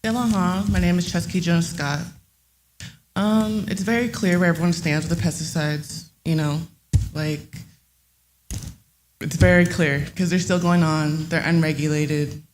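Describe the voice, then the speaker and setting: A woman with a fairly low voice speaks up during public comment in a meeting room. She talks with passion and reads part of her statement from a prepared text, over faint noise in the background. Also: fairly even intonation, measured pace.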